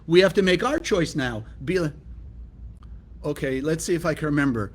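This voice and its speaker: A man's voice: a little high, lively intonation, moderate pace, husky. A man from California teaching a spiritual lesson, emphatic and often asking his listeners rhetorical questions. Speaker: Kabbalah teacher.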